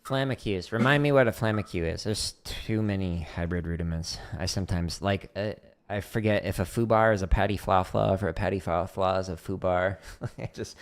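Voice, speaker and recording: A man teaching drum rudiments on a casual livestream, thinking aloud and counting beats, with drums playing behind him. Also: low-pitched. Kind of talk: casual livestream drumming lesson. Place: home practice room.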